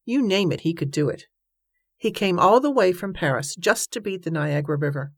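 A woman voicing a shy, earnest Canadian riverman who talks in a halting, bashful way, in a storybook reading. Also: on the low side, animated, gravelly, husky, no room sound, studio quality, exaggerated voice. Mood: storytelling.

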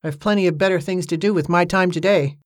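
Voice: mid-range voice, fast talker, dry recording, clean studio sound, natural voice. A narrator voicing a plain-spoken male police sergeant in an audiobook. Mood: matter-of-fact. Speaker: character in an audiobook.

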